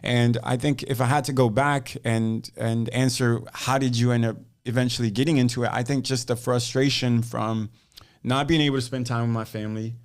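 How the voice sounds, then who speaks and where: A man's voice: medium pitch, normal speed. A man in a casual podcast interview, telling the story of his start in real estate. He talks in a mid-range voice and acts out the lines of the people he quotes. The telling is loose and conversational. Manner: animated storyteller who acts out quoted dialogue. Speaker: guest, real estate agent.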